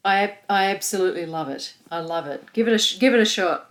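A woman's voice: mid-range voice, a little fast. Enthusiastic Australian woman co-host. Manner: enthusiastic, reads out listener comments. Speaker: podcast co-host. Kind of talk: casual sports chat.

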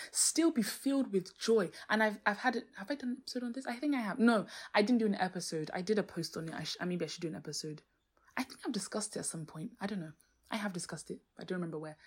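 Young female podcast host, breathy voice, earnest and lively, faith talk. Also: mid-range voice. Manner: earnest, animated, exclaims and laughs. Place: home, street noise outside.

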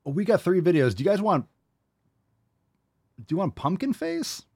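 A man's voice: high-pitched, big pitch swings, normal speed, creaky, a little mellow, slightly rough, no echo, studio quality. A man hosting a podcast and giving blunt, mocking commentary. He swears freely and fires off rhetorical questions. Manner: brash, profane, mocking. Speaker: host.

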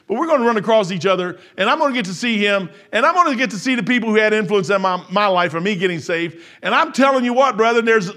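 Emphatic, folksy middle-aged preacher. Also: male voice, high-pitched. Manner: folksy, emphatic, repetitive, swinging between shouts and quiet asides. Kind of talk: sermon.

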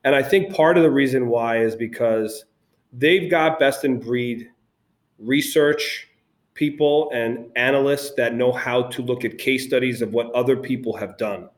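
A man, founder of an agency, telling animated stories as a guest in a casual interview, with frequent restarts. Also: mid-range voice, unhurried.

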